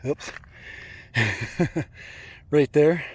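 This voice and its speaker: A man's voice: on the high side, drawn-out words, husky, dry recording. A man narrating a casual outdoor vlog while hiking through open country, chatty and rambling and often chuckling. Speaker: drone hobbyist vlogger.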